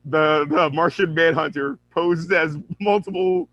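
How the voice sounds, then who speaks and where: A man co-hosting a casual podcast about a film, excitable and quick to laugh. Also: a little high, no echo, lo-fi sound. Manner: excitable, laughing, mimics characters. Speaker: podcast co-host. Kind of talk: casual film review chat.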